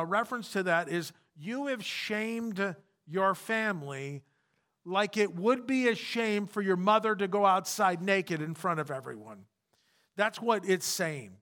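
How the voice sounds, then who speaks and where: A pastor preaches a sermon in a high-pitched, bright, forceful voice, emphatic and repeating his key points.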